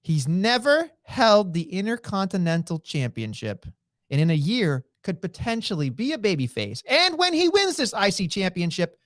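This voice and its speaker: A podcast co-host in a casual wrestling chat, talking in an animated, excitable way with lots of fillers. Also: mid-range voice, moderate pace, dry recording, clean studio sound.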